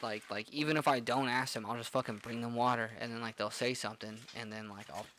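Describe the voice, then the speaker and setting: A man's voice: mid-range voice, steady tone, a little fast, few pauses, fairly bright tone, slight background noise. A young man, a bartender and podcast co-host, telling stories in a rambling, profane way full of "like" fillers. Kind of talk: casual storytelling chat.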